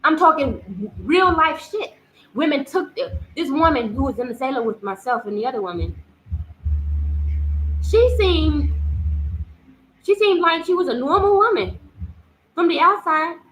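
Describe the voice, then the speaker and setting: A woman's voice: high-pitched, sing-song, a little slow, pauses often, a bit bright, rough recording. A young woman telling a personal story in a casual, rambling way, with many fillers and repeated phrases. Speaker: vlogger.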